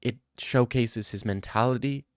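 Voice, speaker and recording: A man's voice: medium pitch, moderate pace, dry recording, clean studio sound. A man hosting a casual podcast chat, rambling and joking in loose banter.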